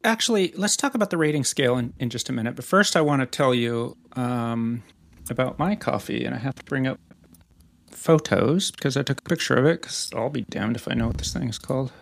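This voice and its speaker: A man's voice: medium pitch, brisk, vocal fry. A man co-hosting a podcast in casual chat, teasing his friend and rambling playfully as he talks. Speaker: podcast co-host.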